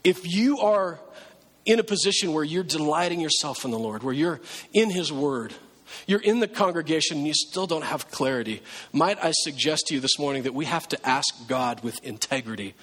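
Man, pastor, conversational sermon, husky, long church-hall reverb. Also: fairly high pitch, lively intonation, moderate pace, a bit bright. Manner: conversational preaching, acts out pleading prayers.

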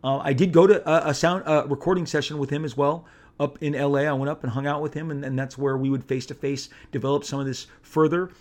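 Here a middle-aged comic book artist from Southern California talks fast, delivering a casual anecdote in a voice on the high side. The telling is animated and meandering, heavy with fillers and restarts.

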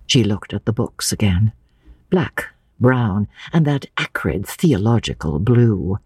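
A woman narrating a classic novel in a measured, expressive dramatic reading. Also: extremely low pitch, slightly rough, dry recording, studio quality.

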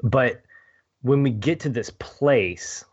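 A man's voice: mid-range voice, slow pace, slightly rough, lo-fi sound. A man chatting casually about a film, thinking aloud and acting out little quoted asides.

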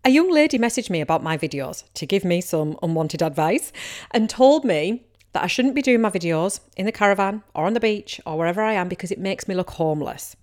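A woman from Teesside, England, hosts a casual solo podcast as a business coach, talking candidly and chattily in her Teesside English. Her voice is fairly low and a bit dark, expressive and fairly quick. Now and then she acts out what her listeners might be thinking.

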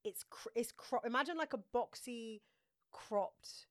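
A woman's voice: a little high, measured pace, no echo, clean studio sound. A woman co-hosting a casual fashion podcast, chatty and giggly, describing outfits with lots of fillers. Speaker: podcast co-host. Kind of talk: casual chat about red-carpet fashion.

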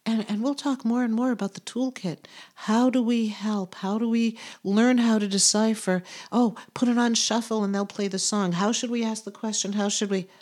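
A woman's voice: a little high, a little mellow. Soothing, earnest woman podcast medium. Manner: earnest and soothing, laughs often, trails off searching for words. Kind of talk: spiritual podcast talk.

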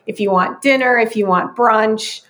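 A female co-host in casual chat, reading off menu items and pausing on ums. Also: on the high side, a bit bright. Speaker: food news co-host.

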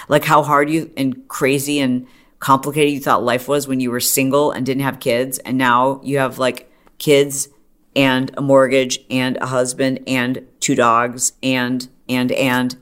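A middle-aged woman hosting a podcast, talking in a chatty, animated way full of "like" and quick asides. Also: a bass voice. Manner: chatty, animated storytelling with frequent "like". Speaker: podcast host. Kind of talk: casual monologue.

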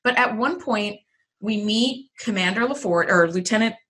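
A young adult woman co-hosting a podcast in casual chat, animated and exclamatory, with lots of "like.". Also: medium pitch, normal speed. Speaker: podcast co-host.

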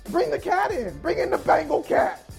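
A man's voice: very high voice, wildly swooping pitch, moderate pace, creaky, music in the background. A man co-hosting a sports talk show, teasing his partner and cutting in often. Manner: teasing, interjecting. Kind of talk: sports debate.

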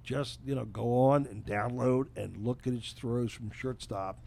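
A man's voice: medium pitch, measured pace, gravelly, darkish tone. A man hosting a casual baseball talk, telling stories with emphasis. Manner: storytelling, emphatic. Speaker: host. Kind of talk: casual sports chat.

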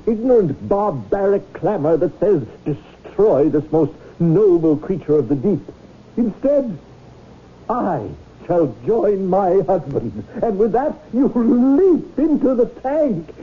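High, swooping, pompous whale fanatic; old radio-play speech, thin tinny broadcast sound. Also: male voice, breathy edge, exaggerated voice. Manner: grandiloquent, theatrical, preaching. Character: pompous eccentric man devoted to his whale. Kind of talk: 1970s radio drama acting.

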